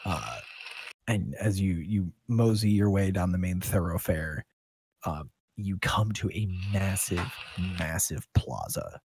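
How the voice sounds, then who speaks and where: A man's voice: sits low, sing-song, slow, vocal fry, a little mellow, slight background noise. A man narrating a tabletop game as game master in an easygoing, rambling way.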